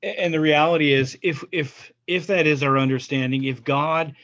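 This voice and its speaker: A man's voice: a little high, steady tone, a bit bright. A man, a pastor hosting a casual interview, who affirms his guest often before wrapping up. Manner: affirming listener, quick "yeah" and "mm-hmm". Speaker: pastor and host. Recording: dull lo-fi sound.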